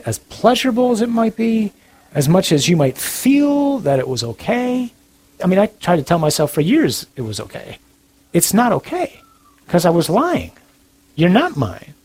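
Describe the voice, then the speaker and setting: A man preaches with a slightly husky voice pitched a little high. He speaks in an earnest and direct way, yet it stays conversational and plainspoken. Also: a little mellow. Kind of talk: sermon-style talk.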